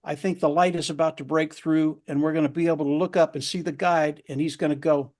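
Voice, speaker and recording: A man's voice: fairly high pitch, steady tone, brisk, hardly any pauses, a little mellow. A man at a round table, telling a motivational story in an earnest way and repeating words for emphasis.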